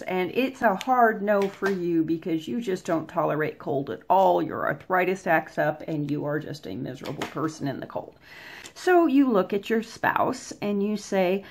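A woman's voice: on the low side, animated, moderate pace, darkish tone. A woman hosting a vlog, giving advice in a casual, conversational way. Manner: conversational, plain-spoken, acts out examples. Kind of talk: casual explanatory talk.

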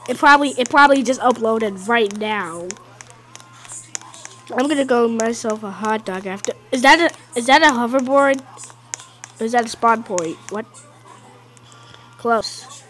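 A woman giving casual gameplay commentary, excitable, often yelling and taunting at the game. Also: a little high, unhurried, pauses often, slight background noise, rough recording. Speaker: gaming video host.

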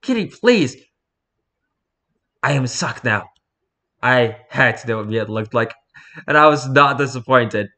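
Male host, bright tone, dry playful reader of posts. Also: medium pitch, steady tone, normal speed. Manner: wry, playful asides. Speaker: video host reading posts. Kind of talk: casual commentary.

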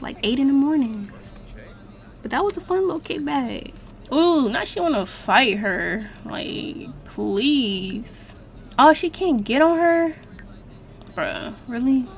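Chatty young woman narrating gameplay. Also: a little high. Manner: chatty and slangy, reacting loudly to the game. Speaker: gaming channel host. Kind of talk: casual let's-play commentary.

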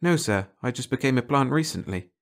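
A man's voice: mid-range voice, animated, brisk, voice pushed up, lightly acted. A man voicing a shy, polite young corporal who answers hesitantly in a storybook reading.

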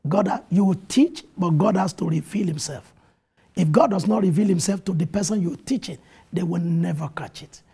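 Pastor guy on a tv interview, dark mellow voice, really husky, quotes scripture earnestly. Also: high voice, moderate pace. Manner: earnest preacher quoting scripture, animated retelling. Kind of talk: testimony in a TV interview. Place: TV studio.

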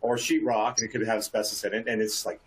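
A man's voice: fairly low pitch, level tone, fast, low-quality recording. A man who works in asbestos abatement, talking in an exasperated, ranting way with many restarts. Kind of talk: casual panel discussion.

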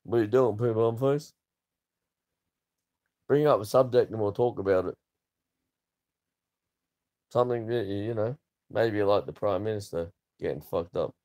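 A man's voice: fairly low pitch, unhurried, pauses often, a little mellow. A man in his thirties, chatting casually to camera in a rambling way, swearing freely. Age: 30s. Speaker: vlogger.

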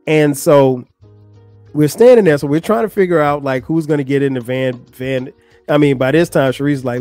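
A man hosts a podcast at normal speed, casually telling a funny story and acting out the people he quotes with a rising pitch. The recording has no echo, with soft music in the background.

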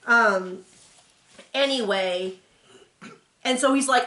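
A woman's voice: medium pitch, measured pace, fairly bright tone. A woman doing a casual, chatty reaction recap of a TV episode, with sarcastic asides. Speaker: TV recap reviewer. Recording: roomy echo.

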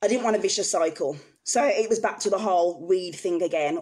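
A woman's voice: fairly low pitch, fairly quick, hardly any pauses, a little mellow. A woman vlogger speaking candidly to her viewers, telling a personal story in an earnest, emotional way. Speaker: vlogger sharing personal experience.

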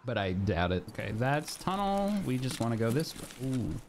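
Nervous, excitable young male streamer. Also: medium pitch, moderate pace, noisy background. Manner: nervous, excitable, talking to chat. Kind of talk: live game stream commentary.

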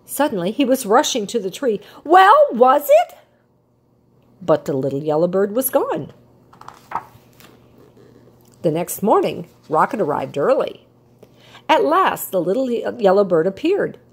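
An older woman reading a children's picture book aloud as a storyteller, with an expressive cadence. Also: mid-range voice, normal speed, breathy edge.

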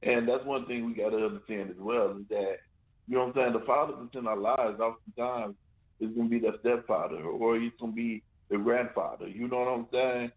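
A man's voice: mid-range voice, fairly quick. Male radio host, mid-range voice, conversational, heard over a tinny phone line. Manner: conversational, repeats "you know what I'm saying". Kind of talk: casual radio talk.

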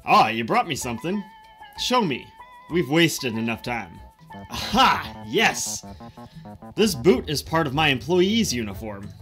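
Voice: mid-range voice, very animated, unhurried, a bit bright, faint music behind. Bossy male fly, streamer-voiced, curt, commanding, game figure.

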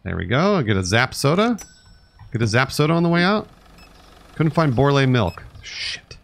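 A man's voice: mid-range voice, sing-song, moderate pace, creaky, fairly bright tone. Sarcastic, swearing man streaming a game. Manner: sarcastic, grumbling, swears often; talks to chat and customers. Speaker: streamer playing a store sim. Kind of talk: casual live-stream commentary.

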